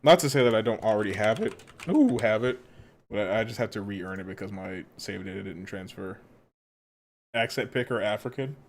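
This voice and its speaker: A man's voice: fairly low pitch, a little fast. A man live-streaming a game and chatting casually with viewers. He swears freely, laughs often and pokes fun at himself. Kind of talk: casual gaming stream chat.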